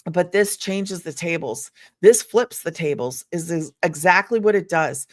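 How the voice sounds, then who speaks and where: A woman's voice: on the low side, no room sound. Earnest middle-aged woman, dry close sound. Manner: earnest, rambling, emphatic. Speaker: online business vlogger. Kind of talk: casual testimonial talk to camera.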